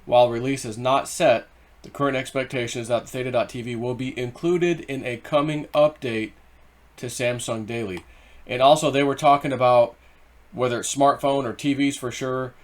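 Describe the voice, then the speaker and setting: A man hosting his own crypto channel, talking in a casual, rambling and excitable way with many restarts. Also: medium pitch, fairly quick.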